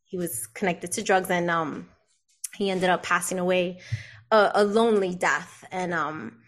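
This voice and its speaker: A woman, a podcast guest telling a personal story in an animated way and acting out the dialogue. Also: on the low side, measured pace. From the Bronx, New York. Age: 40s. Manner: animated, acts out quoted dialogue, frequent "like".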